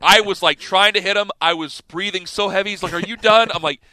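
A man hosting a sports radio show, telling stories with lively energy and laughing as he acts out scenes. His voice sits high for a man and sounds very bright and forceful, smooth and clear, on a dry studio mic. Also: fast, dry recording. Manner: animated, laughing storyteller who acts out scenes. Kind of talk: casual storytelling on sports radio.

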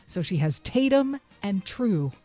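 A woman's voice: mid-range voice, sing-song, unhurried, dark tone, faint music behind. A woman hosting a radio show, chatting through entertainment news and quizzing her co-host. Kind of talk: casual entertainment news chat.

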